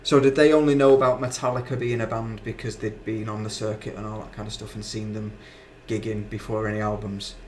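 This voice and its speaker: A man's voice: lowish voice, fairly quick, few pauses, noisy background. Casual male stream host reading comments. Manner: relaxed, chatty, with fillers and apologies.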